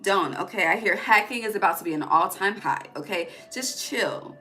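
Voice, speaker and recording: A woman's voice: mid-range voice, fairly quick, bright, forceful tone, slight background noise. A woman giving a casual tarot reading, blunt and profane, often ending her points with "okay?". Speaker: tarot reader.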